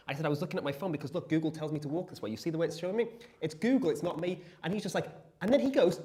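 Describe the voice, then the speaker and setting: Fast-talking, lively male co-host. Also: fairly high pitch. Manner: animated storyteller, acts out quoted exchanges. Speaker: livestream co-host. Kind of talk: casual chat.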